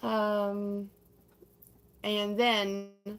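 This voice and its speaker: A young woman on a livestream casually retelling a stage musical she performed in, talking in a rambling way full of "like" and "um", sometimes laughing and putting on squeaky voices for characters. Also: monotone, very slow, clear, resonant tone. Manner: chatty, full of "like" and "um", laughs often, acts out lines in squeaky voices.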